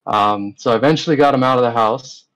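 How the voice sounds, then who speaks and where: A man's voice: medium pitch, fast talker, fairly bright tone, rough recording. A man, a guest in an interview, recounting events in a rambling, casual way full of fillers and retold dialogue.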